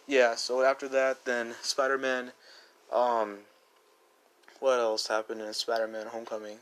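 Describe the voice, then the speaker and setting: A man's voice: medium pitch, monotone, unhurried, fairly bright tone, clear, resonant tone. A man giving a casual, rambling movie review as a YouTuber, full of "like" and "dude" and eager restarts.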